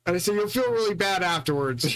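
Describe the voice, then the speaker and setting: A man with a fairly high voice talks on his own in a long, rambling monologue. He is boastful and profane, and he stumbles through restarts as he goes. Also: lively intonation, moderate pace, fairly bright tone, poor audio. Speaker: channel host.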